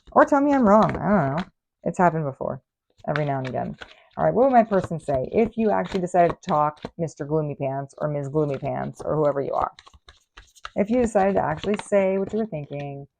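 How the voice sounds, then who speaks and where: A woman's voice: deep voice, gravelly, a little mellow, slight background noise. A woman giving a casual tarot reading, sassy and exasperated in her asides. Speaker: tarot reader.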